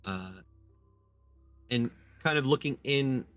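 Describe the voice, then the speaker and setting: A man running a tabletop game, describing scenes in a relaxed, loose way with many fillers. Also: mid-range voice, slow, dry recording, soft background music. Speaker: game master.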